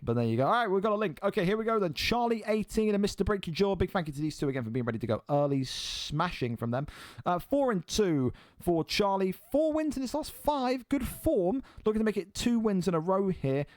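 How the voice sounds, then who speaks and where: A man's voice: high voice, big pitch swings, a little fast, dry recording. A man hosting and commentating an online fight league live stream, blunt and exasperated, swearing freely.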